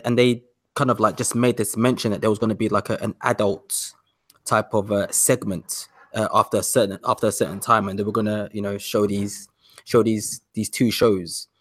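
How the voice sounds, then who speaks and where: Animated low-voiced man telling a story. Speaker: podcast guest. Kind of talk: casual chat.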